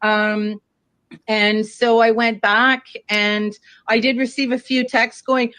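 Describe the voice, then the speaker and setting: Woman, casual storytelling, rambling, swears a lot, slightly high voice, dry sound. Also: flat delivery, takes it slowly, a bit bright, clear, resonant tone, dry recording. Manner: rambling, profane, lots of fillers. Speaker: guest telling a story.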